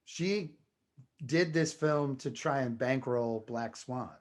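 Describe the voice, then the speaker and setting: A man's voice: medium pitch, slow pace, a little mellow. A man co-hosting a podcast, chatting casually with a dry, wry sense of humor. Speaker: podcast co-host. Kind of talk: casual chat.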